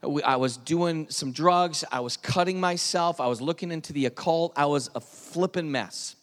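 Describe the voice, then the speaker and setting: Earnest male testimony speaker, slightly high voice, lingering hall reverb. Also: normal speed. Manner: earnest storytelling, drops to hushed tones at tense moments. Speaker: speaker telling his testimony. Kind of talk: personal testimony talk.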